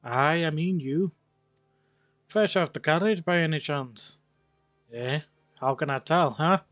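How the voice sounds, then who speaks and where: A brash, wheedling city informant, as a man reads him aloud. The voice is a touch high and sounds dry and close to the mic. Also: unhurried, fairly bright tone, no echo, soft background music. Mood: cheeky. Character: cheeky streetwise male city informant.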